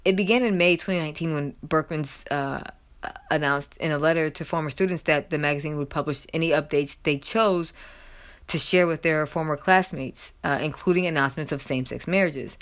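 A woman talks through a news story in a loose, chatty vlog style, with plenty of fillers and asides. Her voice sits a little low for a woman, and she swings up loudly when she reads out quotes. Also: a little fast. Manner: chatty, filler-heavy, loud animated quotes and laughter. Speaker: commentary vlogger. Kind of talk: casual news commentary, reading stories aloud.

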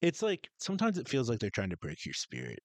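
A young man co-hosting a casual podcast, blunt and swearing, often trailing off quietly. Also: medium pitch, huge pitch swings, quick pace, gravelly, dry recording. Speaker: podcast co-host. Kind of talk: casual chat.

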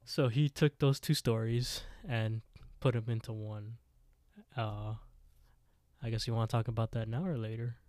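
A man's voice: mid-range voice, moderate pace, no echo. Man retelling a spooky story casually. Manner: animated storyteller retelling scary tales. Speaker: podcast co-host. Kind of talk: casual chat.

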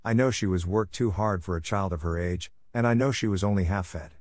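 A man's voice: low voice, a little fast, darkish tone, no room sound, clean studio sound, natural voice. A man reading aloud, voicing a timid spinster schoolmistress who breaks into hysterics, in a raised, pleading voice.

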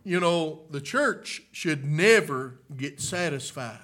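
High-voiced preacher, soft to shouting. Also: male voice, expressive, takes it slowly. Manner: swings from soft murmurs to shouted climaxes; repeats "my, listen, friend" as a refrain. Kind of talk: revival sermon.

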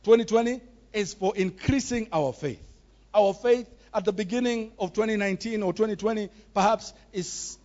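High-voiced preacher, emphatic. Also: male voice, a little mellow, dull audio. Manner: emphatic, repetitive, acts out voices in quotes. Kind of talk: sermon.

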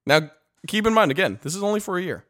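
A man's voice: sits high, lively intonation, quick pace, fairly bright tone. A man hosting a casual podcast chat, giggling as he spins silly hypotheticals. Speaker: podcast host.

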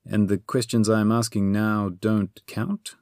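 A man voicing a nervous, fussy male wizard in an audiobook, hesitant and full of little pauses. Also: lowish voice, little pitch movement, darkish tone, no room sound, studio quality. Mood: fidgety. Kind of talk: audiobook character voice.

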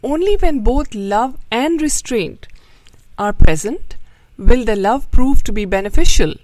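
A woman host reading a children's story aloud, then giving a gently moralizing talk to listeners. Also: fairly high pitch, dry recording, low-quality recording. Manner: slow, expressive, gently moralizing.

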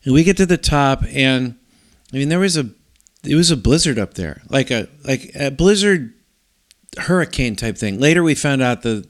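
A middle-aged man co-hosting a podcast, telling a long story in a rambling, animated way with many restarts. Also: medium pitch, normal speed. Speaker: podcast co-host. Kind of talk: casual storytelling chat.

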